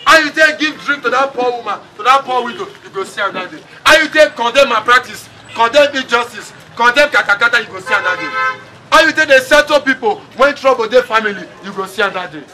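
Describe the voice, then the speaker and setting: A man's voice: very high-pitched, expressive, quick pace, pushed and bright. A man with a Nigerian accent preaching a funeral sermon, mixing English and Pidgin, calling on the congregation to respond. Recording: distant mic with crowd and noise.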